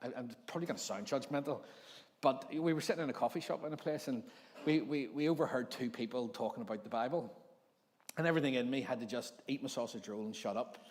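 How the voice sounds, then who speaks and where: A man's voice: medium pitch, fast talker, a little mellow, big-room sound. A man of forty with a Northern Irish accent, preaching a conversational sermon full of jokes and acted-out voices. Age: 40s. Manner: jokey storytelling, acts out overheard voices. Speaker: pastor. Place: church hall.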